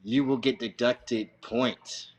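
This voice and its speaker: A man's voice: medium pitch, fairly even intonation, slow, a little mellow. A man, a wrestling coach and podcast guest from Southern California, telling stories in a loose, profane, laughing way full of fillers. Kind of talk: casual interview chat.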